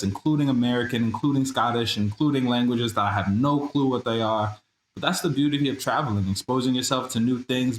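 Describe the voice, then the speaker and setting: A man co-hosting a podcast remotely from abroad, talking in a relaxed, slangy and reflective way. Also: mid-range voice, echoey room, a little hiss or hum. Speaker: podcast co-host. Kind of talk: casual podcast chat. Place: abroad, away from usual studio.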